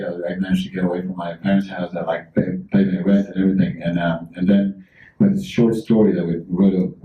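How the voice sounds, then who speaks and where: A man from Uruguay, a panel guest talking frankly and conversationally, often restarting his sentences. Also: deep voice. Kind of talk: casual panel talk. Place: large hall at a public talk. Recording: dull, distant sound in an echoey hall.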